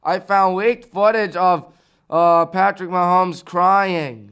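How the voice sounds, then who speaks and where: A man hosting a sports talk show, giving a casual recap of scores and his picks in an excitable way, full of rhetorical questions and exclamations. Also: sits high, slow, smooth.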